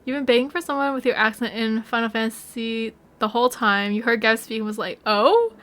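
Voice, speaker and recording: A woman's voice: on the high side, fairly quick, a bit bright. A woman streaming a video game, chatting casually and bubbly as she plays. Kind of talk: casual gameplay chat.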